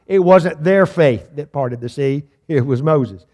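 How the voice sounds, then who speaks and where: A man preaching a sermon as pastor, telling a story dramatically with sudden shifts between loud bursts and quiet asides, and asking the congregation questions. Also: on the high side, a little slow, husky. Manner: repeats words when starting sentences; addresses the congregation directly with questions.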